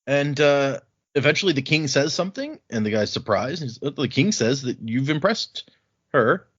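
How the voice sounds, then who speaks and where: Husky-voiced man recapping a story. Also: mid-range voice, animated, normal speed, fairly bright tone. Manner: rambling recap with many restarts. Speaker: podcast co-host. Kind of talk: casual book discussion. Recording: slightly lo-fi podcast audio.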